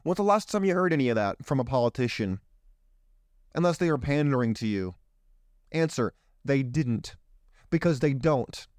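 A man's voice: medium pitch, animated, moderate pace, pauses often, a little mellow, dry recording, clean studio sound. A man hosting a political commentary show, talking indignantly to his listeners, firing off rhetorical questions and rambling off script. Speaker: show host.

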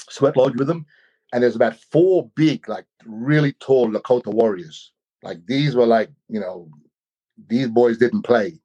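A man's voice: medium pitch, darkish tone. A man tells a long personal story over a video call, circling back and repeating himself as he searches for words. His voice sits in a middle range. The call audio is somewhat dull and muffled. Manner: rambling, repeats words, many fillers. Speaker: guest.

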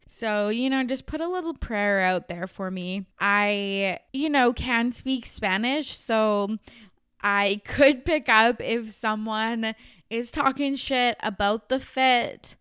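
A woman's voice: on the high side, fairly bright tone, smooth, dry recording, clean studio sound. A young adult woman hosting a podcast in casual chat, laughing often and swearing freely. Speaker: podcast host.

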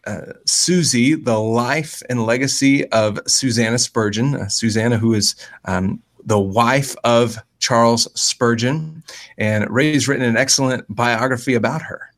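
Man, mid pitch, easygoing co-host, laughs easily, casual chat. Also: unhurried. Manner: laughing, good-natured. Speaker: podcast co-host and pastor. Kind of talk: casual podcast banter.

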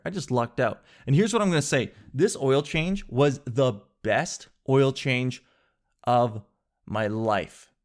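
Slangy, animated man telling a rant. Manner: animated, exaggerated, swings to high emphasis; slangy, says dude often. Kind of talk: casual comic storytelling.

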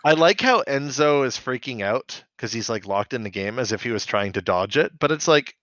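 A man's voice: medium pitch, expressive, normal speed, fairly bright tone, no echo. A man co-hosting a casual podcast who recaps a cartoon episode in a chatty way. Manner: chatty, acts out characters' lines. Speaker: podcast co-host. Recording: dry, slightly dull mic sound.

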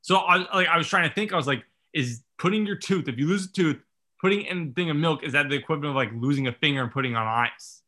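A man's voice: a little high, quick pace, pushed and bright. A man co-hosting a casual movie review podcast, thinking aloud in rambling sentences full of "like". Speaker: podcast co-host.

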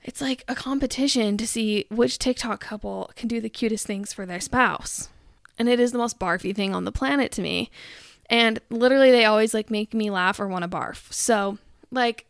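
Creaky-voiced woman ranting casually. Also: a little high, moderate pace, no echo, clean studio sound. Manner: chatty, rambling, amused and exasperated. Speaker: host. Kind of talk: casual chat rant.

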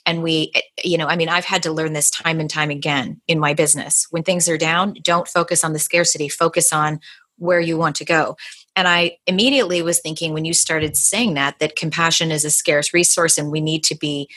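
A woman with a low voice hosting a podcast, talking in a relaxed, chatty way. She rambles and restarts her sentences as her thoughts come. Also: brisk. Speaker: podcast host. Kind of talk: casual interview chat.

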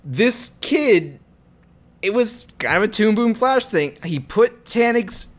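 A man's voice: high-pitched, animated, slow. A young man hosting a reaction video, explaining scenes in a wry, casual way. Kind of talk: casual comedic commentary.

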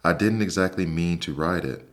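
A man's voice: sits low, moderate pace, natural voice. A man voicing a young male mouse who talks hesitantly and apologetically, in a storybook reading. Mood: miserable.

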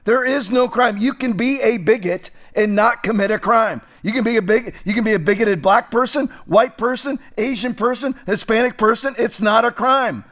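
A man's voice: extremely high pitch, moderate pace, few pauses, fairly bright tone. A man hosting a political commentary show, talking emphatically and repeating phrases for stress.

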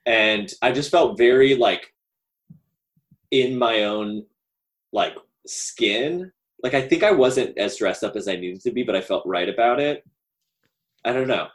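A man's voice: medium pitch, measured pace, pauses often. A nasal-voiced man from the American South, a podcast guest chatting in a rambling, enthusiastic way into a close mic. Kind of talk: casual podcast conversation.

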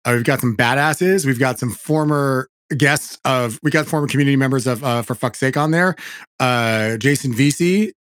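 Podcast host guy, talks fast and excited, cuts himself off a lot, dry mic sound. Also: mid-range voice, no room sound. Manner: animated, self-interrupting, chatty. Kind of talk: casual chat.

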